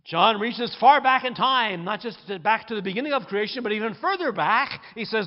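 A man preaching a sermon, emphatic and climbing to loud peaks on key points. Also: high voice, sing-song, moderate pace. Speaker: pastor. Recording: muffled sound with long hall reverb.

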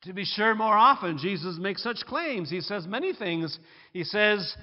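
A man preaching a sermon, emphatic and climbing to loud peaks on key points. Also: sits high, big pitch swings, moderate pace. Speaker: pastor. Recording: muffled sound with long hall reverb.

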